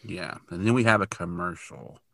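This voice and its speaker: Bright, dry-voiced man recapping casually. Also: low-pitched, normal speed, vocal fry, no echo. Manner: chatty, filler-heavy, self-deprecating. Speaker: podcast co-host.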